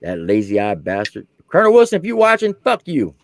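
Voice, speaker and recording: Gravelly, animated storytelling veteran man. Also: fairly quick, background noise. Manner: animated, swings between low asides and loud punchlines. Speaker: army veteran guest. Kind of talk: profane comic storytelling.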